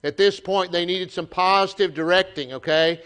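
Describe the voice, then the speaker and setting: A man with a Southern US accent preaching a sermon to his church, folksy and animated, often restarting his phrases. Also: sits high, moderate pace, clear, resonant tone. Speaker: pastor. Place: church sanctuary.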